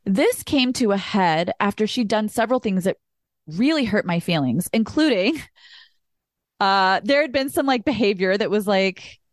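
A woman's voice: medium pitch, expressive, moderate pace, no room sound, clean studio sound. A young adult woman hosting a podcast, candidly telling a personal story with emphatic asides and the occasional swear word. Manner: candid and emphatic, swears, acts out quoted dialogue. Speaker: podcast host. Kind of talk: personal storytelling in casual chat.

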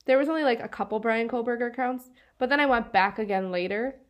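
Speaking fast in a highish voice, a woman co-hosting a true-crime podcast chats loosely, leaning heavily on fillers and laughing a lot. She's from northeastern Pennsylvania.

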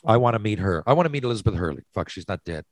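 A man's voice: lowish voice, lively intonation, very fast, dry recording, rough recording. A man hosting a casual chat, posing hypothetical questions with lots of restarts and swearing. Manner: rambling, restarts, profane. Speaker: podcast host.

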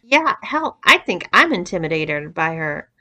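A woman's voice: on the low side, sing-song, measured pace, pushed and bright, pitched below the performer's own voice, exaggerated voice. A gushing, playful young woman, as a reader voices her.

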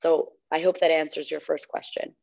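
Animated young woman telling a story. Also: sits low, normal speed, creaky. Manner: animated, acts out quoted voices. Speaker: guest, radio host. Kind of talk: casual storytelling in an interview. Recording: slightly muffled recording.

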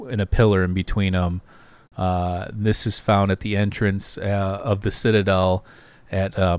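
Low, smooth man rambling on a podcast. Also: a little mellow, dry recording. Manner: rambling, hesitant, many fillers. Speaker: podcast co-host. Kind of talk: casual podcast discussion.

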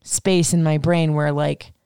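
A woman's voice: sits low, flat delivery, takes it slowly, mellow, clear, resonant tone, no room sound, studio quality. A woman podcast host telling a personal story in casual, rambling talk, full of swearing and "like". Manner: rambling, profane, heavy use of "like".

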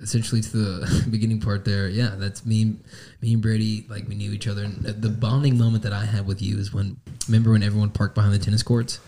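A man's voice: lowish voice, flat delivery, quick pace, hardly any pauses, warm tone. A young man co-hosting a podcast, chatting in a laid-back way and swearing freely. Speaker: podcast co-host. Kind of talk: casual chat.

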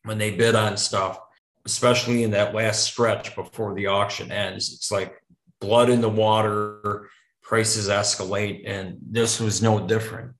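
A man's voice: lowish voice, level tone, measured pace, fairly bright tone. A man guest telling a story in casual conversation, rambling with frequent restarts and some swearing. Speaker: podcast guest. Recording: echoey room.

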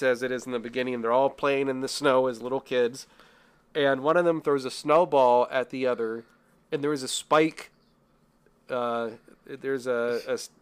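A young man with a smooth, medium-pitched voice co-hosts a laid-back podcast about films. He rambles and pokes fun at himself, laughing often as he chats.

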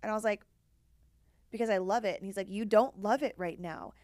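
Podcast co-host, woman, mid-pitched, blunt and candid, swears freely, dry close sound. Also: brisk, darkish tone, no echo. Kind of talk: casual podcast chat.

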